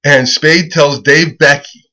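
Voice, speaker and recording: A comedian rambling casually as he pitches a website, profane and excitable, who keeps breaking into laughter at his own jokes. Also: slow pace, rough recording. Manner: profane, excitable, loose storytelling.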